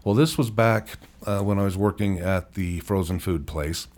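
A middle-aged man speaks in a deep, low register. He is an interview guest telling a hard personal story frankly. He pauses and restarts often and lets out wry chuckles. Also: darkish tone. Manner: frank, halting, chuckles wryly through hard memories.

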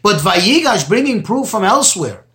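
A man teaching a text study lesson in a deliberate, explanatory way, repeating key phrases for emphasis. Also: high voice, sing-song, bright, forceful tone. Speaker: Torah teacher.

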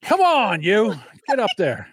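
Male co-host, slightly high voice, blunt joker, dry close mic. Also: huge pitch swings, unhurried, slightly rough, dry recording. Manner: blunt, joking, rambling with restarts. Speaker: podcast co-host. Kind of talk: casual political chat.

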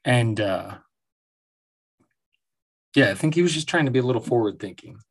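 Recording at home, the forty-something podcast host tells rambling, profane stories in a casual monologue and laughs a lot. He speaks at normal speed in an expressive mid-range voice with vocal fry.

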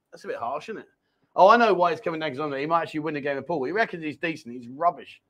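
A man's voice: a little high, fairly bright tone. A man hosting a live chat show, reading out viewer comments with teasing, jokey banter. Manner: jokey, teasing, quick laughs. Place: Pattaya, Thailand.

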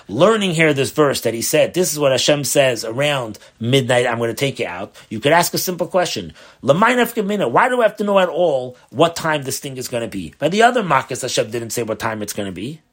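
A male rabbi teaches a Torah lesson with earnest, probing questions. He drops Hebrew terms into his English as he works through a text. His voice sits at an ordinary middle pitch.

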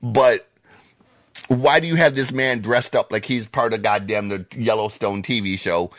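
A man's voice: lowish voice, normal speed, a bit bright, dry recording. Profane ranting man on a podcast. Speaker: podcast co-host. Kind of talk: casual podcast chat.

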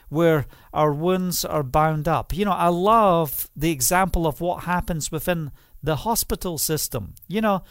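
A man's voice: fairly high pitch, dry recording, studio quality. A man preaching a livestream sermon, earnest and pleading, with many "you know" asides. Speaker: pastor.

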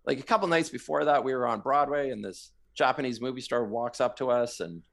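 A middle-aged man from Canada, a guest in an interview, telling stories animatedly and bursting into loud quoted lines. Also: mid-range voice, fairly quick, gravelly. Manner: animated storyteller who shouts out quoted lines. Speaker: guest, marathon runner. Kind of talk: storytelling in a podcast interview.

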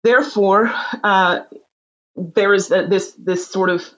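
A woman being interviewed in a casual conversation, telling stories with lively energy and frequent restarts. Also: mid-range voice, slow, dull audio. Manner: animated storyteller, frequent restarts. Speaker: interview guest.

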